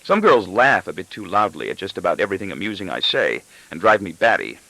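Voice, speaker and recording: Brief: male narrator, low-ish bright voice, lively pitch, audiobook. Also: fast talker, vocal fry, no echo, poor audio. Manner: expressive, first-person storytelling. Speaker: audiobook reader.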